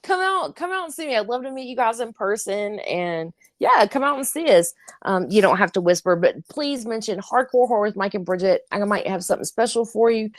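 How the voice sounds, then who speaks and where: A woman co-hosting a podcast in casual chat, animated and laughing, swearing freely as she tells stories. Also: mid-range voice, brisk, no echo. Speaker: podcast co-host.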